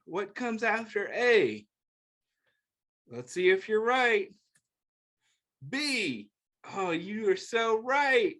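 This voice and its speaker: Slow, gentle man reading to kids. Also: high voice. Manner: gentle, encouraging, asks the listener questions; slow, clear, playful sing-song delivery. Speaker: children's story time host. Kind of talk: reading a picture book aloud to young children.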